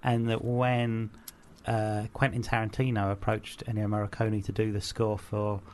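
A man's voice: on the low side, flat delivery, moderate pace, slight background noise. A man co-hosting a podcast in casual chat, telling a story with hesitant fillers. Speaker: podcast co-host.

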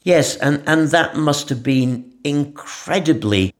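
A man's voice: on the high side, takes it slowly. Earnest man reflecting on scripture. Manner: earnest, animated, many rhetorical asides. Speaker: co-presenter of a Bible podcast. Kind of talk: conversational Bible reflection. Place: church in Jerusalem.

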